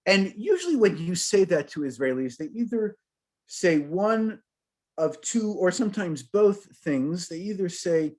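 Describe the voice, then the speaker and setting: Man, American accent, rabbi, humorous storytelling sermon, slightly high voice, asks the crowd questions. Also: a little slow. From United States. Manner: lively, humorous storyteller addressing a congregation.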